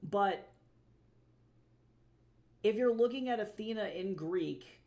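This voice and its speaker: A woman's voice: medium pitch, animated, slow pace, warm tone. A woman streaming live as an artist, chatting casually with viewers, swearing freely and ranting with exasperation. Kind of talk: casual livestream chat.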